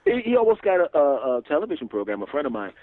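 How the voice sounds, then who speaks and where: A man, a comedian telling stories in an animated, profane way as a guest. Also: a little high, fast, no room sound. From Philadelphia area, USA. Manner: animated, swearing, laughs often, acts out dialogue. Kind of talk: casual storytelling interview. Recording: dull lo-fi radio recording.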